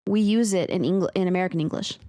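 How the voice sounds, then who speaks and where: A woman co-hosting a podcast in casual chat, excitable and casually profane, reading bits aloud. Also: lowish voice, quick pace. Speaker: podcast co-host, teacher.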